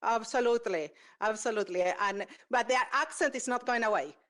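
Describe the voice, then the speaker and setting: A woman's voice: on the high side, brisk, a bit bright. A woman hosting an interview podcast, a native Spanish speaker talking in an earnest, reflective way. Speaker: podcast host. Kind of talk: conversational interview.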